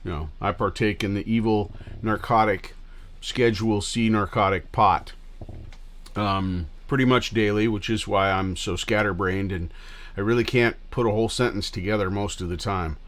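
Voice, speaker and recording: A man's voice: fairly low pitch, steady tone, moderate pace, a bit bright. A middle-aged man hosting a livestream, chatting casually with viewers in a rambling, scattered way and swearing freely. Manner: rambling and scattered, loose with profanity. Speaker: livestream host.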